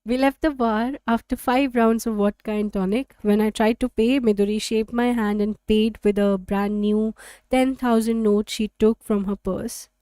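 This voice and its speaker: A woman narrating an audiobook in a steady, even-paced reading. Her voice sits fairly high yet mellow, recorded dry and close to the mic. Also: moderate pace, clean tone, dry recording. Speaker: audiobook reader.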